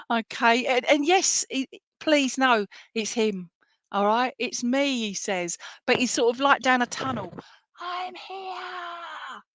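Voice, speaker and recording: A woman's voice: fairly high pitch, takes it slowly, pauses often, fairly bright tone, dry recording. A woman medium giving clairvoyant readings in an online service, chatty and affectionate, often checking in with "all right?". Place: home, by herself.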